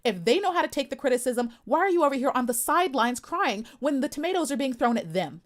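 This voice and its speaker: Quick and sing-song, this high female voice belongs to a young adult livestream host from the US. She fires back at her chat critics with sass and confrontation, hammering points through emphatic repetition.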